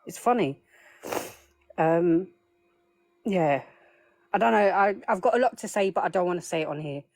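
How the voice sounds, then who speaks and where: A woman's voice: lowish voice, lively intonation, normal speed, darkish tone, no room sound. A woman, a guest on a live stream, chatting emotionally and rambling over her phone. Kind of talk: casual live-stream chat.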